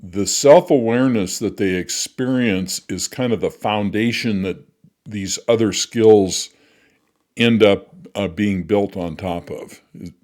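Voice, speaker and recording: A middle-aged man hosting an interview, asking questions in a thoughtful, measured way. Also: lowish voice, a little mellow. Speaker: host.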